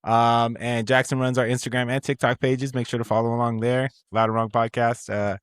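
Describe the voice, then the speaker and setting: A man's voice: mid-range voice, flat delivery, a little fast, few pauses, clear, resonant tone, no echo, clean studio sound. A young man hosting a podcast in casual chat, laughing often and swearing offhandedly. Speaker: podcast host.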